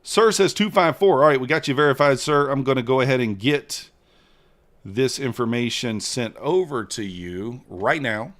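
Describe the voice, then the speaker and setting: A man hosting a casual trading livestream, chatting with viewers and reading their messages in a relaxed way. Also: mid-range voice, moderate pace.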